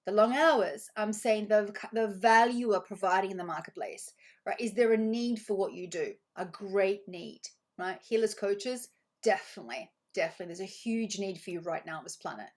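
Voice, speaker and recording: A woman leads a live online training in an effusive, encouraging manner, with a voice of ordinary pitch. She reads participants' comments aloud and praises them. She repeats her key phrases for emphasis. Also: normal speed. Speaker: money coach.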